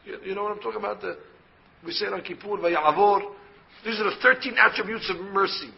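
High-voiced gravelly rabbi teaching. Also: male voice, a little fast, highs cut off. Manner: explains by asking questions and answering them. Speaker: rabbi teaching a Torah class. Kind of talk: Torah lecture.

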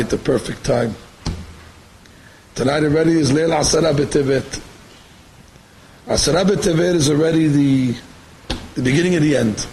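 High, gravelly-voiced man giving a sermon. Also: slight background noise, low-quality recording. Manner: rapid Hebrew quotes, rhetorical questions. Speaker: rabbi giving a Torah class. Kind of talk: Torah sermon mixing English and Hebrew.

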